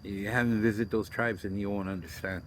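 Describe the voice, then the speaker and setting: Blunt, low-voiced middle-aged man rambling. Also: fairly even intonation, quick pace, a little hiss or hum, rough recording. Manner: blunt and profane, trailing off and restarting. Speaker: host of a self interview. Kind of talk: casual rambling storytelling.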